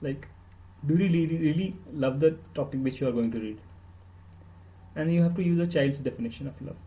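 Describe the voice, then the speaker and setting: A man's voice: fairly high pitch, fairly quick, phone-quality sound. A man with an Indian accent giving study tips in an earnest, emphatic way, slipping into Hindi and repeating words for stress. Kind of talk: instructional podcast talk.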